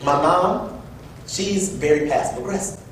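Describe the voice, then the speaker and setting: A young man giving a personal storytelling speech at an event, animated and acting out quoted voices. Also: unhurried. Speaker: event speaker. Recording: echoey room from far off with low rumble.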